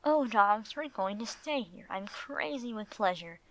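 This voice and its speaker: A woman's voice: medium pitch, lively intonation, measured pace, natural voice. A woman reading the part of an enthusiastic small young male dog. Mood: eager.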